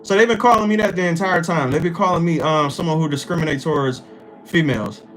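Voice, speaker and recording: A man's voice: fairly high pitch, fast, fairly bright tone, soft background music, poor audio. Casual profane male livestreamer. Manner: rambling, loose and profane, reacting to chat. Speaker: livestream host. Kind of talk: casual chat with stream chat.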